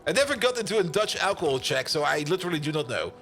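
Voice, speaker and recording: A man streaming a video game and chatting casually with his viewers, animated, laughing often and swearing freely. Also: fairly high pitch, quick pace, faint music behind. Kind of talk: casual live-stream chat while playing.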